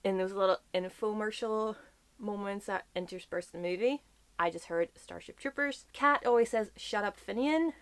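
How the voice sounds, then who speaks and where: A woman's voice: mid-range voice, moderate pace, fairly bright tone, slight background noise. A woman book vlogger chatting casually about her monthly reads, gushing and full of asides. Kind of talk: casual reading wrap-up chat.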